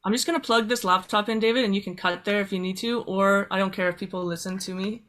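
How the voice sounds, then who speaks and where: A woman in the middle of the usual pitch range chats as a podcast guest over a video call. Her talk is easygoing and chatty, with quick apologies and casual asides. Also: steady tone, a bit bright. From Canada. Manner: chatty, apologetic, laid-back. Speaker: guest singer-songwriter.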